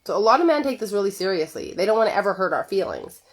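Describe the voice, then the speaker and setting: A woman speaking as a relationship coach in a relaxed, conversational way. Her voice sits at a medium pitch. Now and then she slips into quoted lines with lively shifts in voice. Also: fast talker. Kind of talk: direct-to-camera coaching talk.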